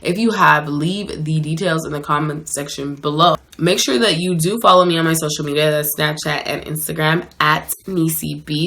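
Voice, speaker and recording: A woman's voice: sits low, normal speed, gravelly, hardly any pauses. A woman vlogger telling a dating story in casual, chatty storytime style, peppering her talk with "like". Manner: chatty, animated, lots of "like".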